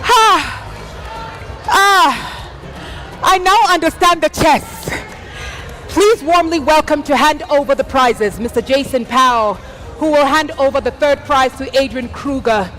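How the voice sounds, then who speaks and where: A high-pitched woman emcees a live awards show from a big stage, pumping up the crowd with loud, energetic announcements. A crowd murmurs and faint music plays behind her. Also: unhurried. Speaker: event emcee. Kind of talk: live awards ceremony hosting. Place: stage of a large live event.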